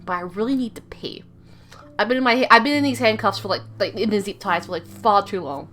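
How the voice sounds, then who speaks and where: A woman's voice: medium pitch, quick pace, fairly bright tone. A young woman casually telling a rambling story, heavy on fillers and self-mocking.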